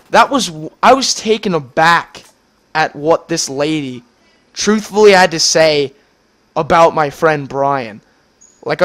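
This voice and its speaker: Teen guy, high voice, profane and indignant rant straight to camera. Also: a bit bright. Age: teens. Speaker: student vlogger.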